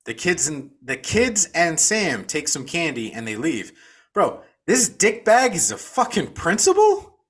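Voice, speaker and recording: A man's voice: fairly high pitch, huge pitch swings, measured pace, fairly bright tone, slightly rough. A man co-hosting a podcast, recapping a film in a casual, profane storytelling way. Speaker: podcast co-host.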